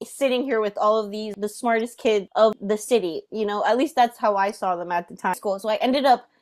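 A woman's voice: medium pitch, fairly quick, darkish tone. A young woman hosting a podcast, telling a personal story animatedly with frequent laughter. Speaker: podcast host. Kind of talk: casual storytelling.

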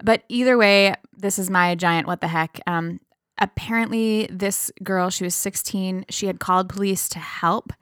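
Woman co-host, earnest casual talk, mid pitch, dry mic. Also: fairly even intonation, normal speed, a bit bright, clean tone, no room sound. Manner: earnest, chatty with fillers. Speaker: podcast co-host, sociology instructor. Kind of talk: casual political chat.

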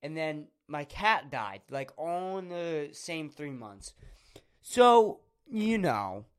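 A man's voice: on the high side, sing-song, takes it slowly, clear, resonant tone. A young man hosting a casual podcast monologue, rambling through crude, absurd stories with lots of fillers. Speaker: podcast host.

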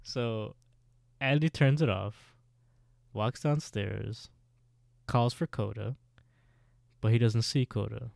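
A man's voice: on the low side, slow pace, vocal fry, long pauses, a little mellow, dry recording, studio quality. A man casually recapping a TV episode as a podcast co-host, telling the story in a laid-back way.

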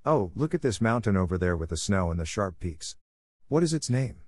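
A man reading aloud voices an eager, tender little girl with a gentle, wide-eyed manner. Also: on the low side, sing-song, brisk, no room sound, clean studio sound. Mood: excited.

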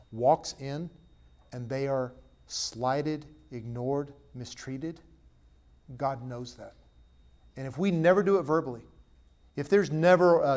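A man preaching a sermon as pastor, swinging between loud punchy stresses and low, quiet asides.

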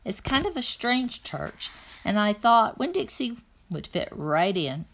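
A woman reading a children's novel aloud in an even, plain first-person narration. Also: medium pitch, measured pace. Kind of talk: read-aloud storytelling.

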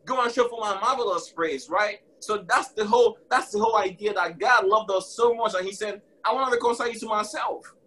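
A man's voice: high-pitched, a little fast, hardly any pauses, bright, forceful tone, a little hiss or hum. A man preaching with passion on a live broadcast, repeating his key phrases and calling out to listeners with "y'all.".

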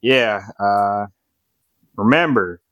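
A man's voice: lowish voice, very slow, a bit bright, no room sound. A man co-hosting a casual sports podcast, telling stories with loose slang and frequent laughter. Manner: laughing storyteller, loose slangy banter, playful. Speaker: podcast co-host.

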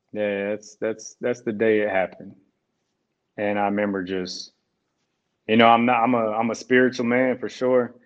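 A young man, a guest, telling an emotional personal story in a halting, reflective way with restarts. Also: lowish voice. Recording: dull lo-fi sound.

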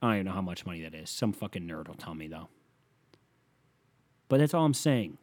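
A man's voice: low voice, very animated, a little fast, darkish tone. A man hosting a solo podcast, ranting in a rambling, profane way, with a slight lisp on his s sounds. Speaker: podcast host.

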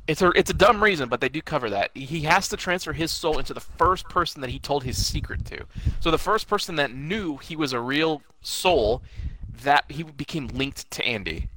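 A man co-hosting a casual movie review podcast, rambling through scenes in an excited, scene-by-scene retelling. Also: fairly high pitch, normal speed, rough recording. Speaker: podcast co-host.

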